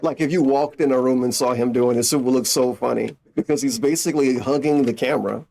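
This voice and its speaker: A man's voice: mid-range voice, steady tone, fast, gravelly, warm tone. A man streaming live, reacting to a video with sarcastic, profane mockery. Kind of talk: casual live-stream commentary.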